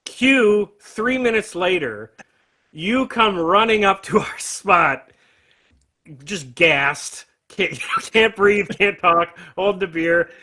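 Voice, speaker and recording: A man hosting a casual livestream chat about music, animated and laughing often as he talks. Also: sits high, slow. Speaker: host.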